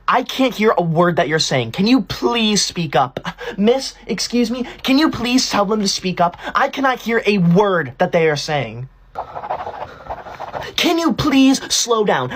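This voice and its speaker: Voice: medium pitch, breathy edge. A performer playing a prissy, self-righteous schoolkid who is always telling on classmates. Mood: tattling. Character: smug tattletale know-it-all schoolkid, teacher's pet. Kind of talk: comedy skit acting.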